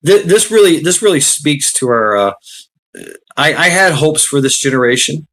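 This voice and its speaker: This man's voice is fairly high and bright, with lively intonation and a moderate pace. Hosting a live stream through a computer mic, he rants casually and profanely at his chat, laughs a lot, and calls out viewers by name.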